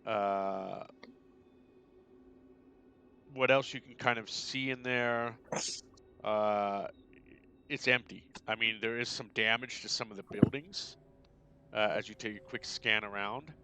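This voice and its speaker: Hesitant bright-voiced male game master. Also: lowish voice, a little slow, slight background noise. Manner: hesitant, many fillers and restarts. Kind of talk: narrating a tabletop game.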